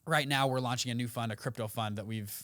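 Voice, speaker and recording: Young man, podcast guest, quick animated storytelling, dry close sound. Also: mid-range voice, no room sound. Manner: animated storyteller, acts out quotes. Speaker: podcast guest, fund founder. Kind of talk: casual storytelling interview.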